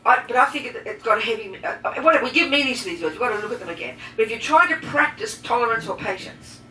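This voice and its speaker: A woman teaches a group in a bright, fairly high voice. She talks with lively emphasis and turns straight to her listeners. The sound is echoey and distant, with faint noise underneath. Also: quick pace. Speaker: Buddhist teacher. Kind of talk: teaching talk with questions.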